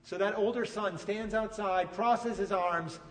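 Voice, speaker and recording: High-voiced man preaching in a reverberant hall. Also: measured pace. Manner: animated storytelling, rising to emphatic peaks. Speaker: pastor. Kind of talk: sermon.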